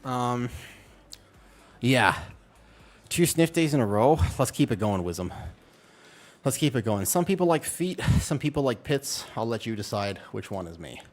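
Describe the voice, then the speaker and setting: This young streamer, still a bit winded from exercise, has a medium-pitched voice with big swings in pitch. He speaks at a moderate pace with long pauses, joking with viewers in a home room with a fan going.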